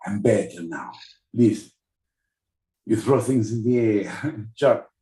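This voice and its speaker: Animated low-voiced joking man. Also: takes it slowly. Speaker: podcast co-host. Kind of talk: casual live-stream banter. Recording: echoey room.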